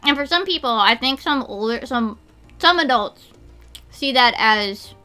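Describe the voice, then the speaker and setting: Woman, streamer, casual rambling chat, munching snacks, bright voice, faint music behind. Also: fairly high pitch, expressive, unhurried, clean tone. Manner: rambling with many fillers. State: eating while talking.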